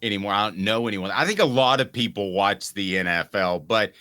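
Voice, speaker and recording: A man's voice: lowish voice, a little fast, bright, forceful tone. A man hosting a casual sports talk show, upbeat and steering the chat with questions to his co-host.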